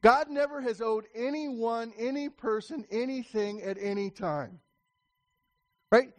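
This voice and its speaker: A man's voice: very high-pitched, a little slow. A man preaching a sermon to his congregation in a church, emphatic and repetitive, raising his voice to call for attention. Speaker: pastor.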